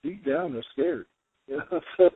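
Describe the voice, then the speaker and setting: A man from the US Midwest talking as a podcast guest, halting, with many fillers and restarts. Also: fairly high pitch, husky, no echo. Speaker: guest, home inspector. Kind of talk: casual interview chat. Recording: dry, phone-like narrow sound.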